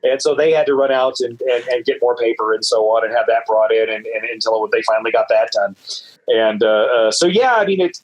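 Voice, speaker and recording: A man guest on an interview show, telling stories in a loose, rambling way with many "uh"s and repeated words, and lively jumps in pitch when he quotes people. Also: a little fast, poor audio. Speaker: guest author. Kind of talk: casual interview storytelling.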